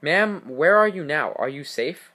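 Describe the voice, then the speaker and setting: A man reading the part of a police officer on duty, giving firm, steady instructions to a caller. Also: fairly high pitch, unhurried, exaggerated voice. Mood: urgent.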